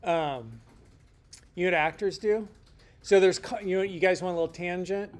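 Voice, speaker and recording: A man's voice: high voice, moderate pace. A middle-aged man teaching a casual lecture in a rambling, joking way, full of slangy asides. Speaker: instructor.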